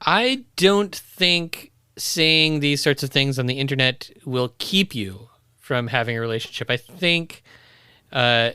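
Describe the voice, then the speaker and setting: A man's voice: medium pitch, a little slow, sharp tone, clear, resonant tone, no echo. A man co-hosting a casual podcast, talking things through thoughtfully with dry humor. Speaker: podcast co-host. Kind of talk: casual chat.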